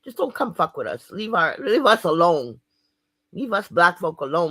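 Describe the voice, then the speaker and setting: A woman's voice: lowish voice, wildly swooping pitch, a little slow, a bit bright, no room sound. A woman vlogger delivering a heated spoken-word rant, profane, fired up and emphatic. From Canada.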